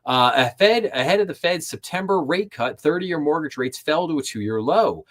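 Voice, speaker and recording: A man's voice: a little high, animated, normal speed, fairly bright tone. A man hosting a live finance stream, reading news items aloud and breaking off into skeptical, sarcastic asides. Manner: sarcastic, skeptical asides between read-out passages. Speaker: host.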